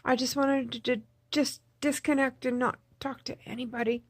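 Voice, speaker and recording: A woman recording a personal video diary, speaking in a subdued, tearful, halting way and repeating herself. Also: sits high, flat delivery, no echo. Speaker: vlogger.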